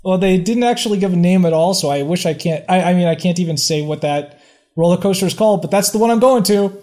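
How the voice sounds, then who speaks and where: A man's voice: high voice, quick pace, warm tone. A man co-hosting a casual comedy podcast, often stammering and restarting his sentences. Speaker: podcast co-host. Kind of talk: casual chat.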